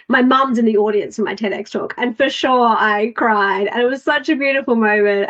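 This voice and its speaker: Chatty female podcast host, slightly lo-fi. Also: mid-range voice. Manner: chatty, self-correcting, personal stories. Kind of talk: casual chat. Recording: slightly dull, lo-fi sound.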